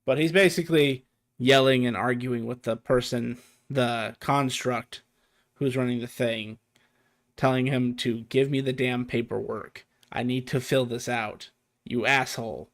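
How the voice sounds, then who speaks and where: A man's voice: medium pitch, steady tone, a little slow. Game master man narrating with frequent ums. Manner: thinking aloud, frequent fillers and restarts, amused.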